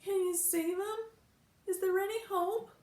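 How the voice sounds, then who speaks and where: Brief: weepy little girl client in a read-aloud, put on by a woman, shrill and trembling, in a roomy space. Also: big pitch swings, measured pace. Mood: tearful. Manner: sobbing, pleading, high-pitched. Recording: roomy echo.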